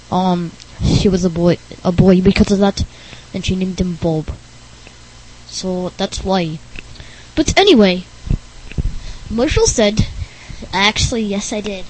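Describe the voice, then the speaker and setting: A woman's voice: medium pitch, a little mellow, poor audio. A woman hosting a playful homemade podcast, goofy and teasing. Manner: goofy, teasing, slow-talking. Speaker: podcast host.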